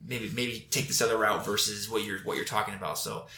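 Quick bright-voiced guy telling earnest stories, lots of restarts, echoey room. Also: fairly low pitch, fairly even intonation, slight background noise. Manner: earnest, storytelling, many restarts. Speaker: Air Force instructor. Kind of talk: casual conversation.

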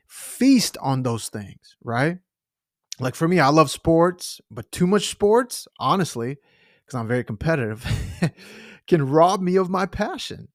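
A man's voice: medium pitch, dry recording, studio quality. A man teaching like a pastor in a podcast sermon, earnest and emphatic, his pace shifting as he stresses points.

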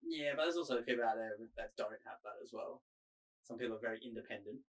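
A man's voice: medium pitch, fast, low-quality recording. An Australian man co-hosting a casual podcast chat, teasing the others and swearing freely. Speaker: podcast co-host.

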